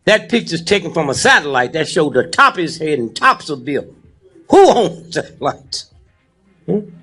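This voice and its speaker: This speaker, a man in his eighties before a live audience, mixes preaching with jokes and keeps poking the crowd with "huh?" and "hmm?" His fairly high voice is sing-song, pushed, bright, and husky at normal speed, with soft background music.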